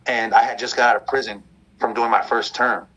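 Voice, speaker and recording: A man's voice: mid-range voice, little pitch movement, a little fast, fairly bright tone, low-quality recording. A man talking candidly and reflectively about his past in a loose, conversational way. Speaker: guest sharing his story.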